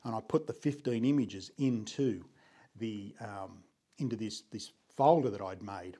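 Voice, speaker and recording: This older man from Sydney has a fairly low, dark-toned voice and an Australian accent. He tells his photography story earnestly and without hurry in a vlog, stopping often to clear his throat.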